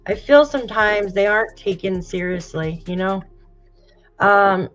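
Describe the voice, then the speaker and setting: A woman's voice: medium pitch, measured pace, muffled recording, faint music behind. A woman hosting a true crime live stream, talking casually and emotionally with sympathy while reading viewer comments. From United States. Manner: emotional, sympathetic, softly exclaiming. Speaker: true crime show host.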